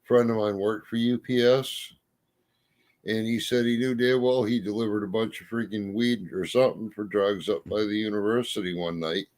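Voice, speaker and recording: A man's voice: lowish voice, fairly even intonation, moderate pace, a little mellow. A man in a casual chat, telling folksy stories with a drawl and mild cursing. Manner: folksy storyteller, drawling, swears mildly.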